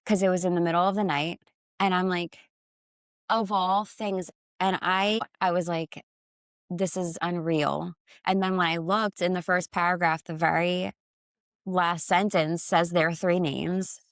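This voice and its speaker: A young woman with a fairly low voice shares a testimony on a relaxed faith podcast. She talks in a reflective, soft-spoken way. The recording is close and dry. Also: normal speed, no room sound. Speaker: podcast co-host. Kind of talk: casual faith chat.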